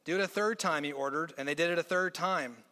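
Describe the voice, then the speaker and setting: A man's voice: a little high, fast, sharp tone. A man preaching a conversational sermon as pastor, mixing jokes with readings from scripture. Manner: conversational and joking, reads scripture aloud. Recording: long hall reverb.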